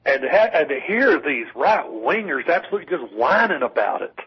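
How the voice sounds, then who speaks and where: A fairly high-voiced man rambles through casual political talk on a call-in radio show, stumbling over restarts and dropping wry asides. His voice is husky, and the broadcast sounds dull and lo-fi. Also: sing-song, brisk. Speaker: call-in co-host.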